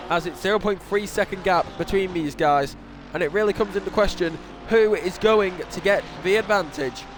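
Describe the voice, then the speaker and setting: A young man with a high voice calls a sim race live in a loose, casual way, restarting sentences and poking fun at himself. A faint hum sits behind him. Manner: casual, self-deprecating, with restarts and exclamations. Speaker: race commentator. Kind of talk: sim racing commentary.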